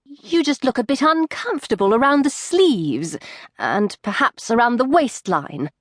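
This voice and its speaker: A woman's voice: on the high side, big pitch swings, unhurried, dry recording, clean studio sound. A woman reading a flustered, polite dressmaker. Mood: awkward. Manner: hesitant, strained politeness.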